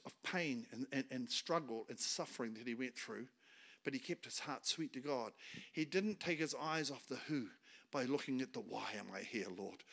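A man preaching a sermon as a guest speaker, colloquial and emphatic, speaking in short bursts and swinging from quiet talk to loud declarations. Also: mid-range voice, vocal fry.

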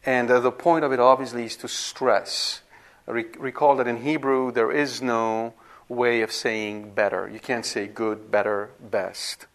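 A man giving a classroom lecture on scripture, at a middle pitch. He explains step by step and stops now and then to make sure the students follow. His delivery is unscripted and conversational, with small restarts. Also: fairly even intonation, unhurried, a bit bright. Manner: explanatory, repeats himself with frequent "right?" checks and restarts. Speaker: Bible teacher.

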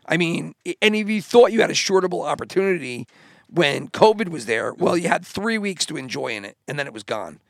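A podcast co-host chats casually in a fairly high, animated male voice, talking a little fast with some vocal fry. He rambles, full of fillers and restarts. The recording is clean studio sound with no room sound.

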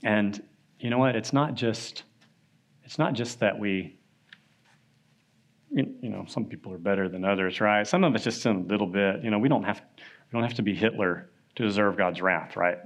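In a church classroom, a man with a fairly low voice at normal speed teaches a Sunday school Bible lesson. His style is casual and conversational, he often checks in with "right?", and he grows animated when telling a story.

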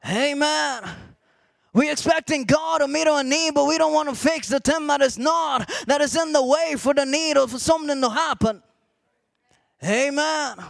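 A man preaching a sermon to a congregation, repeating "amen" often and rising to shouted emphasis. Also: very high-pitched, normal speed, vocal fry, dry recording.

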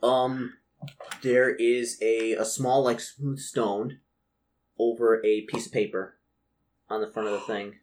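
A man narrating as game master of a tabletop role-playing game, halting and repeating words. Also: mid-range voice, level tone, darkish tone, poor audio.

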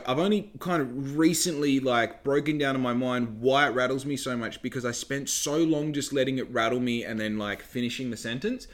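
A young man with an Australian accent tells a rambling story in a casual monologue. He swears freely, drifts into tangents and keeps asking rhetorical questions, his voice sitting at an ordinary middle pitch.

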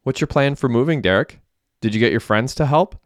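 A man's voice: mid-range voice, expressive, brisk, dry recording, clean studio sound, voice pushed up, natural voice. A man voicing an affectionate young woman, the narrator's girlfriend in an audiobook, talking eagerly.

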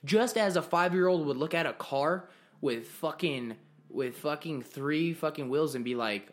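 A man's voice: on the high side, unhurried. A young man hosting a podcast, talking in a brash, profane rant and calling his guest dude and bro. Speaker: podcast host. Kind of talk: casual podcast chat.

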